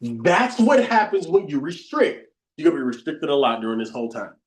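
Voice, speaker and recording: A man runs a live online coaching session, his voice sitting noticeably high. He drives his points home through repetition and keeps asking the group whether they follow. The recording has a roomy echo around him. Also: sing-song, fairly quick. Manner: emphatic, repetitive motivational teaching; quizzes the group with questions. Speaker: bootcamp coach.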